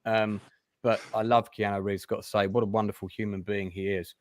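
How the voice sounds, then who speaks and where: A man's voice: on the low side, flat delivery, a little fast. A British man hosting an interview stream, chatty and encouraging as he puts questions to his guests. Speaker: host.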